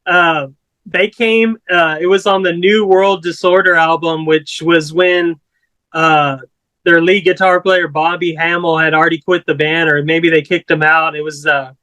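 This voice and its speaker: A man's voice: on the high side, little pitch movement, measured pace, sharp tone, no echo, rough recording. A man from Corpus Christi, Texas, telling a story as a guest musician in a laid-back, rambling way with casual swearing.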